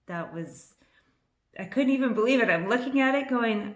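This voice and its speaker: A woman in her fifties telling a personal story to camera in an excitable, rambling way, a little nervous, with restarts and bursts of laughter. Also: on the high side, normal speed, highs cut off. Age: 50s. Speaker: vlogger. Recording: echoey room.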